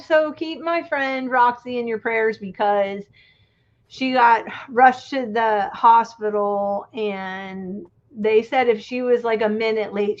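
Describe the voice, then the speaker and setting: A woman co-hosting a casual craft livestream, talking in a rambling, storytelling way. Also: a little high. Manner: chatty, rambling storyteller with laughs. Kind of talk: casual chat. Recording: dull lo-fi livestream audio.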